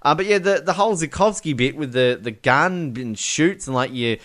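A man's voice: a little high, animated, moderate pace, fairly bright tone. A man talks through a film scene by scene in casual podcast chat. He laughs a lot and acts out the characters' lines.

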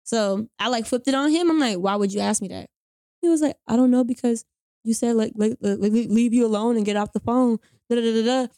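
A young woman telling a personal story in casual chat, animated, acting out both sides of the conversation with slang. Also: a little high, a little fast, dry recording, studio quality. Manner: animated retelling with quoted voices and slang. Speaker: storyteller guest.

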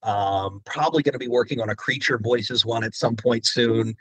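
A man being interviewed as a guest voice actor, telling stories in an animated way and slipping into quoted voices. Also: medium pitch, moderate pace, husky, dry recording, low-quality recording. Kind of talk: interview storytelling.

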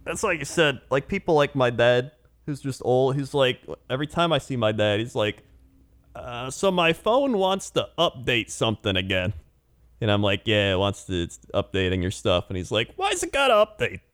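A man co-hosting a casual chat, telling animated stories and mimicking people. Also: moderate pace. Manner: animated storyteller, mimics people in high voices.

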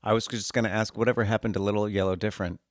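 A man co-hosting a comedy podcast, tossing out quick deadpan riffs and chuckling through improvised banter from a remote home setup. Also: fairly low pitch, dry recording, clean studio sound. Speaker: podcast co-host.

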